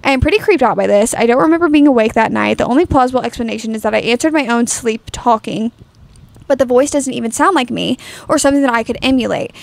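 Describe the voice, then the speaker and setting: A woman's voice: a little high, quick pace, gravelly. A young woman co-hosting a chatty podcast who rambles with lots of fillers and reads a story aloud. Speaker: podcast co-host. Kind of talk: casual chat, reading a story aloud.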